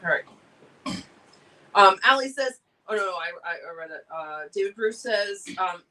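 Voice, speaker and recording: Woman co-host, playful and giggly, bright tone, sits back from the mic. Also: medium pitch, expressive, unhurried, pauses often, distant mic, rough recording. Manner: giggly, teasing, laughs often. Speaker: livestream co-host. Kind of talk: casual chat, reading viewer comments. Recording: voice a bit off-mic.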